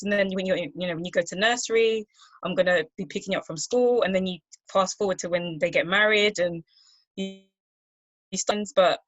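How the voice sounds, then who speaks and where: A woman with a low voice speaks softly and haltingly, often pausing and restarting her sentences. She tells her own story over a video call. The sound is dry and close. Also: dry recording. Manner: soft, halting, full of fillers and restarts. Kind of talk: personal testimony on a video call.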